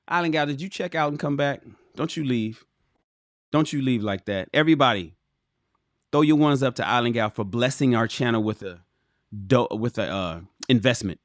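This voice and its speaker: Reading from a relationship book on his livestream, a man with a mid-range voice speaks at a moderate pace, recorded clean in the studio with no room sound. He interrupts himself with animated, emphatic and profane remarks aimed directly at viewers.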